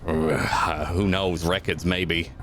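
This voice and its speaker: Male player, very low voice, laconic and hesitant. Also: flat delivery, slow, a bit bright, a little hiss or hum. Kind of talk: casual tabletop play.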